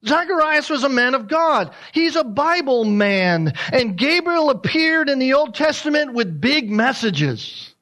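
A man's voice: extremely high pitch, very animated, measured pace, few pauses, bright, forceful tone. A man preaching a sermon as a pastor, emphatic and repeating his key points.

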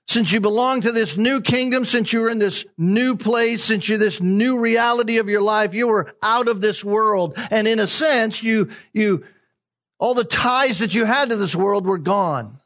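A man's voice: sits high, a little slow, fairly bright tone. A man preaching a sermon as a pastor, emphatic, repeating key phrases and asking rhetorical questions.

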